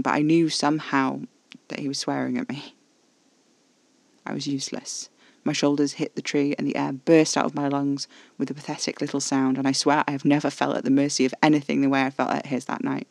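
A man narrating first-person horror fiction in a quiet, intimate, measured way. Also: medium pitch, gravelly, no room sound.

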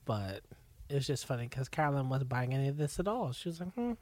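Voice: medium pitch, expressive, quick pace, a little mellow, dry recording. A podcast co-host chatting casually, laughing often and acting out lines from the show. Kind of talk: casual recap chat.

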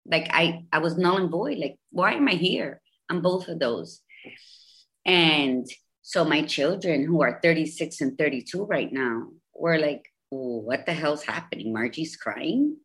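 A low-pitched woman in her fifties talks openly as an interview guest. She tells her story with emphasis, repeating phrases to drive her points home. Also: measured pace. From Bridgeport, Connecticut, US. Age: 50s. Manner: emphatic, repetitive, animated storytelling. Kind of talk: candid personal interview.

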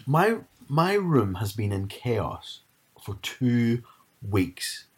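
A man's voice: mid-range voice, drawn-out words, slightly rough. A man, chatting casually and animatedly retelling a story. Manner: animated storyteller, mimics his mum.

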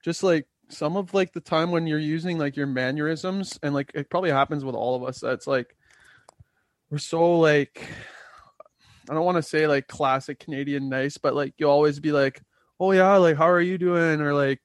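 A young man co-hosting a podcast who rambles in a casual way, full of "like" and quick laughs. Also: on the high side, steady tone, no echo, clean studio sound. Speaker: podcast co-host. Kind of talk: casual chat.

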